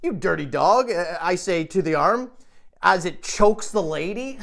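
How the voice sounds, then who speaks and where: A man hosting a comedy podcast, telling a rambling deadpan monologue in a halting, stammering way, full of restarts and "you know.". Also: sits high, vocal fry. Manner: deadpan absurd storytelling.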